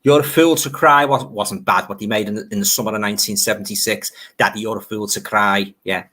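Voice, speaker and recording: A man's voice: on the low side, fairly even intonation, a little fast, pushed and bright. An older man, hosting a live stream in a chatty, nostalgic way, reading out viewer comments and laughing easily.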